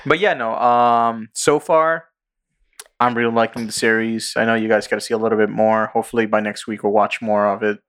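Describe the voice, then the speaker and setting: A man's voice: lowish voice, steady tone, a little fast, a bit bright, smooth. A man hosting a casual podcast chat, rambling through retold stories with frequent laughs. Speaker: podcast host.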